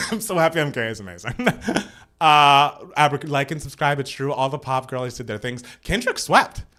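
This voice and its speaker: A young man co-hosting a live stream, gushing and animated as he chats about an awards show. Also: mid-range voice, normal speed. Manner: gushing, animated, reads out viewer comments. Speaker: podcast co-host. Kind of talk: excited live-stream chat.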